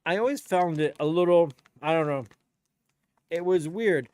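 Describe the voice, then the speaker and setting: A man's voice: a little high, normal speed, a little mellow, clean tone, no echo. A man, a DJ chatting on his live stream in a blunt, rambling, profane way. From Canada. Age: 50s. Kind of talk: casual live-stream chat.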